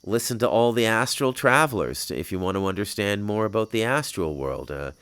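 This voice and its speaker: A man with a smooth, lowish voice hosts a podcast, talking fairly quickly and with animation from an outdoor patio. The recording is dry, and his rambling spiritual monologue is profane, flaring up into heated shouting.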